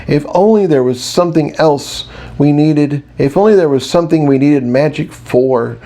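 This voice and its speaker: A man's voice: medium pitch, moderate pace, mellow, close to an everyday voice. A man voicing the hero's fussy, exasperated analytical side in an audiobook. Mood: lamenting.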